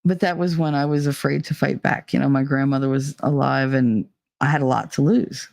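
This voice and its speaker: A woman's voice: extremely low pitch, fairly even intonation, brisk, creaky, a little mellow, no echo. A woman hosting a casual live stream who reads viewer chat and talks candidly and bluntly, with swearing and wry humor.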